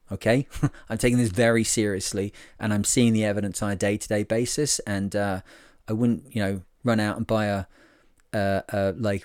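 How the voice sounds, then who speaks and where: A man's voice: lowish voice, darkish tone, dry recording, clean studio sound. A man hosting his own podcast, talking casually on his own, rambling and joking at his own expense with lots of fillers. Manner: rambling and jokey, with many fillers and self-mocking asides. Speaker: podcast host. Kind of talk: casual solo podcast monologue.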